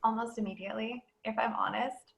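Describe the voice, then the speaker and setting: A woman speaking as a guest in a casual podcast conversation, bubbly and quick to laugh. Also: fairly high pitch, steady tone, gravelly, low-quality recording.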